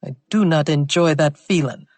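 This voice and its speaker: A woman's voice: low-pitched, moderate pace, darkish tone, no room sound. A woman voicing a mocking, streetwise woman informant with a throaty Jamaican accent in an audiobook thriller. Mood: uneasy. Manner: mocking, taunting, calls others girlfriend.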